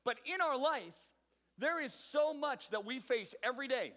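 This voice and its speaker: With an extremely high, sharp voice and lively intonation, a youth pastor speaks at normal speed as he leads a youth group game. He calls on teens by name and teases them playfully, and the large hall with its audience gives the recording a long reverb.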